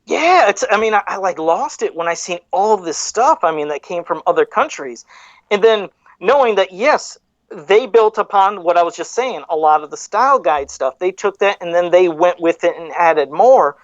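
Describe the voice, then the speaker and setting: A man's voice: high-pitched, expressive, normal speed, dry recording, muffled recording. A man hosting a podcast in casual chat, rambling and correcting himself as he goes off on side rants. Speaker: podcast host.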